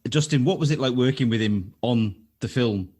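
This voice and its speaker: Podcast host, man, mid-range voice, reads clip intros, measured delivery. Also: mid-range voice, darkish tone, breathy edge. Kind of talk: reading clip introductions and asking questions.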